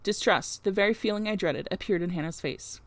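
A woman reads a classic novel aloud, expressive and steady, with wry casual asides. Her voice sits at an ordinary pitch. The recording is dry and close, with no room around it. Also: brisk, no echo. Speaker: audiobook reader.

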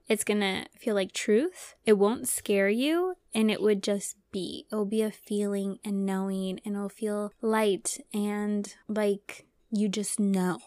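A woman's voice: medium pitch, dry recording. Chatty young woman, heavy on fillers. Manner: filler-heavy, rambling, lots of "like". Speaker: podcast host. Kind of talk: casual spiritual podcast talk.

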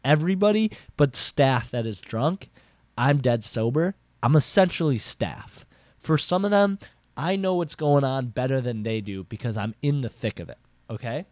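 A young man hosting a podcast, telling a casual story with lots of filler words and restarts, getting animated for emphasis. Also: no room sound. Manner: rambling, filler-heavy with frequent "like" and restarts; animated, jumps up in pitch for emphasis. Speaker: podcast host.

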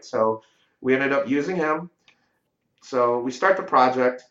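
A man's voice: medium pitch, normal speed, a bit bright. A man telling a story in a casual interview, talking conversationally and often adding "you know" and "right?". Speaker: real estate investor guest. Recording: dull lo-fi audio in a roomy space.

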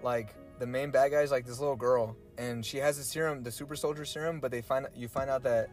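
Brief: young male podcast co-host, casual, profane, acts out lines, mid pitch. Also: a little fast, soft background music. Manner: animated, swearing, acts out characters' lines. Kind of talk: casual chat.

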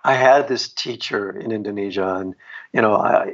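A man's voice: on the low side, moderate pace, fairly bright tone. A middle-aged man, an author and guest, telling a personal story in an interview in a reflective way, laughing often and restarting sentences. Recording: dull lo-fi sound.

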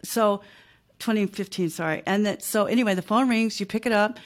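Woman, 50s, small business owner, casual podcast guest, chatty and emphatic, mid-range pitch. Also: brisk. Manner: chatty, emphatic, peppers talk with "like", "right?" and "okay?".

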